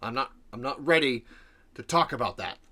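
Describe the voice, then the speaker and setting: A man's voice: mid-range voice, lively intonation, moderate pace, pushed and bright, slight background noise. A middle-aged man hosting a reaction video, talking earnestly about family. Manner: earnest, heartfelt ranting. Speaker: reaction channel host. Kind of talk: casual reaction commentary.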